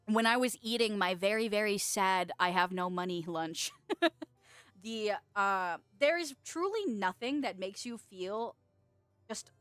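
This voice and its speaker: A young adult woman streamer chatting casually and excitedly with her viewers, laughing often. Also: mid-range voice, clear, resonant tone, no room sound. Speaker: streamer and VTuber. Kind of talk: casual livestream chat.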